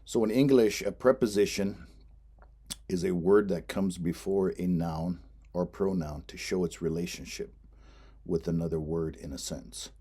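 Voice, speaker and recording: A man's voice: low voice, normal speed, dark tone, husky. A man teaching a language lesson, explaining patiently and repeating each word for pronunciation. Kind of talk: instructional lesson narration.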